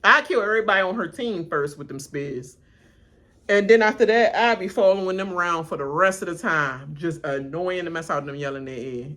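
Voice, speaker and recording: A woman hosting a casual reality TV reaction video, animated and laughing, loudly mimicking the cast as she comments. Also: fairly low pitch, a little fast. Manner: animated, laughing, mimics cast members with loud yelled names.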